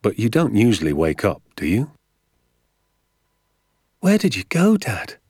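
A man's voice: lowish voice, huge pitch swings, measured pace, darkish tone, husky, no room sound, clean studio sound, pitched above the performer's own voice, heavily acted. A man voicing an earnest, anxious young boy who asks eager questions in a storybook reading. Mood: anxious questioning.

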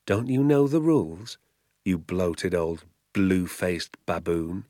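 A calm, quietly defiant father, voiced by a man, speaking low and steady without ever rushing. The tone is deep and even, softer than the narration, with a dry close sound. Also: no room sound.

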